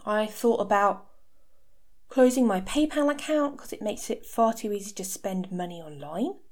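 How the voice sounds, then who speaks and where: A woman's voice: medium pitch, normal speed. A woman in her thirties hosting a podcast, talking frankly about her own life with dry, sarcastic asides. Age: 30s. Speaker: podcast host. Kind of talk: candid personal podcast talk. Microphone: home podcast mic.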